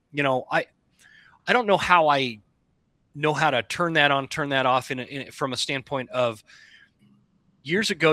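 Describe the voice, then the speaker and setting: A man's voice: a little high, bright, forceful tone, dry recording. A man hosting a podcast, talking casually and at length, restarting phrases before getting to his question. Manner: rambling, self-correcting, talks at length before asking. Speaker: podcast host.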